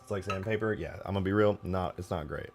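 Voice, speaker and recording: Low-voiced man casually narrating his modding. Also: fast talker. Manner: relaxed, self-correcting, rambling. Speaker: modding streamer. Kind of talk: casual commentary while modding. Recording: faint background music.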